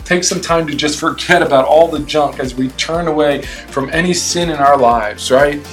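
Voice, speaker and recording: A man's voice: fairly high pitch, normal speed, a bit bright, soft background music. A man in his forties, a pastor giving a short encouraging sermon in a conversational way, often asking "right?".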